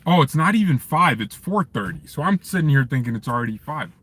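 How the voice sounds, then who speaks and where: A man hosting a fan channel live stream from his parked car, chatting casually with viewers in an animated, joking, ranting way. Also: on the high side, fairly quick, slightly rough.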